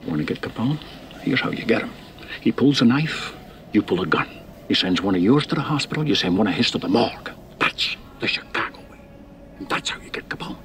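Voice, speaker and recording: Brief: a hushed, menacing old cop, very deep voice, faint film ambience. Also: male voice, expressive, a little fast, slight background noise. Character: grizzled older Irish beat cop, gruff mentor.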